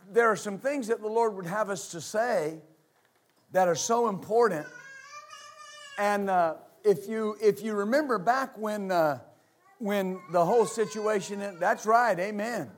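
A male pastor delivers a sermon to his congregation in a high-pitched voice. He stops and restarts often, fills gaps with "uh" and "amen," and keeps asking the room if they're with him. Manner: halting restarts with frequent amens and uh; asks the congregation for responses. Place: church service with congregation.

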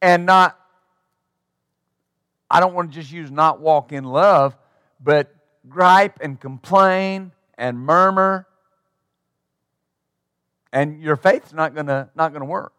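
A man's voice: on the high side, slow, pauses often, fairly bright tone, clear, resonant tone, no room sound, clean studio sound. A man preaching a sermon as pastor, emphatic and acting out the replies of the people he quotes.

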